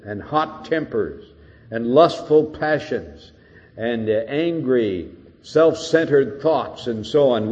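A man's voice: mid-range voice, warm tone, big-room sound. An older man preaching an earnest expository sermon, rising to emphatic peaks, on a dull old recording.

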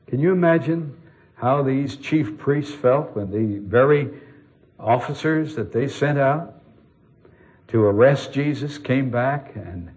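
A man preaching a sermon to his congregation in an earnest, expressive way, asking the listeners pointed questions. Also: mid-range voice. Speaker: pastor.

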